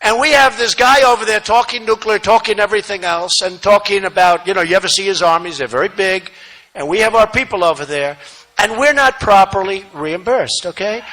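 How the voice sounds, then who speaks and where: A man giving a campaign rally speech, repeating phrases for emphasis and swinging between shouting and muttering asides. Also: sits high, fairly quick, poor audio. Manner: repetitive, emphatic, rambling asides. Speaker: political speaker at a rally. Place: large rally venue, no seating.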